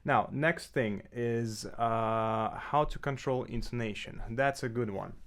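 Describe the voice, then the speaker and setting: Man explaining clarinet technique, relaxed. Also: mid-range voice, slow pace. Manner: relaxed, with frequent fillers and self-corrections. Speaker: clarinet teacher. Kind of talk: casual instructional tutorial. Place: apartment indoors.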